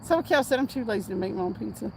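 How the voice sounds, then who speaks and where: A woman's voice: fairly high pitch, expressive, rapid-fire, gravelly, noisy background. A woman hosting a casual fishing livestream outdoors at night, chatting and reading viewer comments aloud with frequent laughs. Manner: chatty, reads chat aloud, laughs often.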